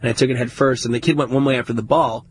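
A man chats casually on a podcast, telling a self-deprecating story at a quick clip. His voice is husky, and the sound is dry and close with no room echo. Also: medium pitch, fairly even intonation. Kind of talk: casual chat.

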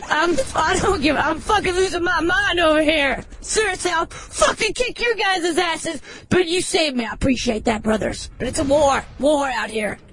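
A squeaky unhinged scorpion caller. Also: male voice, moderate pace, few pauses. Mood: manic ranting. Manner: profane, manic, shouting, stammering. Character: deranged male scorpion, unhinged war-veteran ranting.

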